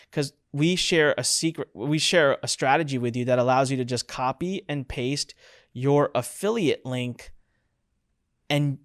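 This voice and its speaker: A middle-aged online course instructor, excitable and emphatic, who repeats key lines and throws in chatty asides during a live webinar. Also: mid-range voice.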